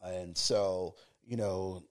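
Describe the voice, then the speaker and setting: A man in his fifties with a deep radio voice, speaking reflectively as a college educator in a relaxed interview. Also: very slow.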